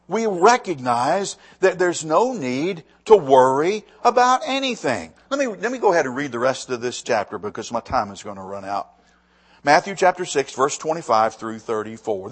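A man preaching a sermon, reading scripture slowly and with emphasis, with quick spoken asides to the congregation. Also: on the high side, animated, slightly rough. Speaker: pastor.

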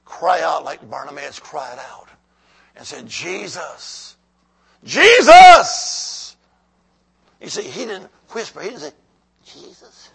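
A man preaching a revival sermon, exhorting the congregation and swinging from shouts to whispers. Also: on the high side, animated, normal speed, vocal fry. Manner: calls out to the congregation.

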